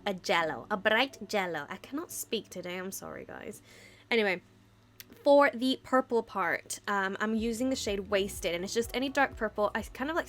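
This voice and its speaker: A young woman narrating a makeup tutorial in a chatty, rambling way, often laughing at her own slips. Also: a little high. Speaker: beauty vlogger. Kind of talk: casual makeup tutorial voice-over.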